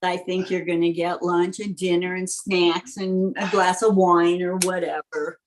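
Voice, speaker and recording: A woman's voice: on the low side, level tone, measured pace, slight background noise. A woman trading teasing banter on a casual video call. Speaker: guest.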